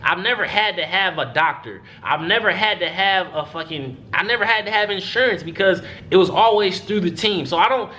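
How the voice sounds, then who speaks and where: A man's voice: high-pitched, a little hiss or hum. A young man telling a story in a casual, profane way, acting out what other people said. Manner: animated, profane, acts out other people's lines.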